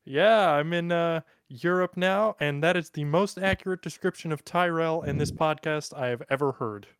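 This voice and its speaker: A man with a fairly high voice, co-hosting a casual podcast. He rambles through football talk with crude, self-mocking jokes, heard close and dry. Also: normal speed, clear, resonant tone, no room sound. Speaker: podcast co-host. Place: in Europe.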